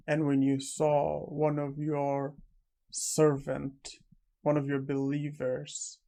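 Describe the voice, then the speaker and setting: Vengeful male necromancer as voiced by a man, cold, monotone, slow, mellow low voice. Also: creaky.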